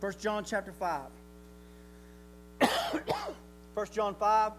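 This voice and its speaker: A man's voice: sits high, drawn-out words, slight background noise. A man preaching a sermon in a folksy way, asking rhetorical questions and chuckling often.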